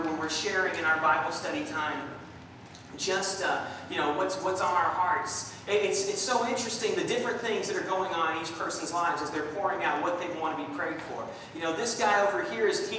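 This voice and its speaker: In a church sanctuary, a high-voiced young man from Southern California preaches as a guest, bringing anecdotes to life by performing the characters' voices. The audio sounds distant and echoey, with a little noise.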